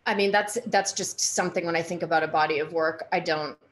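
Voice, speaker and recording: Female artist, forties, slightly low voice, hesitant and halting, casual talk. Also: fairly even intonation. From United States. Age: 40s. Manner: hesitant, halting, many restarts. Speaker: artist guest. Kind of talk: casual conversation.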